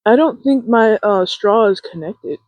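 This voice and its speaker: A self-help host talking casually to camera, rambling with fillers and laughs, gentle and encouraging. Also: medium pitch, measured pace, dry recording, poor audio.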